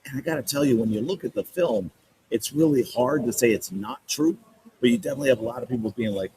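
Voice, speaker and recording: A man hosting a sports podcast, breaking down game film with animated, exasperated commentary and repeating points for emphasis. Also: medium pitch, fast, a little hiss or hum, low-quality recording.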